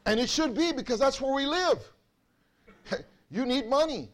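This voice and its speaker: A man's voice: very high-pitched, expressive, moderate pace. A man, a pastor, preaching an emphatic sermon in church, repeating his points and firing questions at the congregation.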